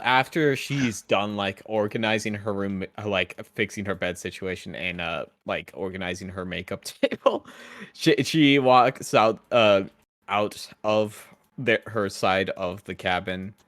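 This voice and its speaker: A man's voice: lowish voice, measured pace, a bit bright, no echo. A man playing a tabletop game, talking hesitantly with many fillers. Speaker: player. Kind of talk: casual tabletop play.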